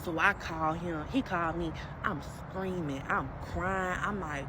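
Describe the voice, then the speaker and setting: A woman telling her own story in a casual, emphatic and animated way, talking straight to her viewers. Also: lowish voice, measured pace, few pauses. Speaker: storyteller in a played clip. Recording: street noise with passing vehicles.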